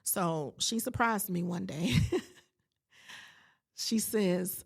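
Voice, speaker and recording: A woman's voice: medium pitch, a little slow, vocal fry, pauses often, slightly rough. A woman in her late forties hosting a podcast, telling a personal story with faith-filled asides and acting out her own reactions. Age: late 40s. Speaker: podcast host.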